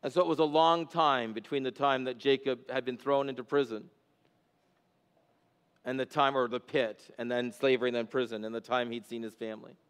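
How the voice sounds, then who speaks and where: A man's voice: medium pitch, fairly even intonation, brisk, smooth, in a large hall. A pastor preaching an expository sermon, a man whose voice climbs and drops for emphasis as he explains scripture.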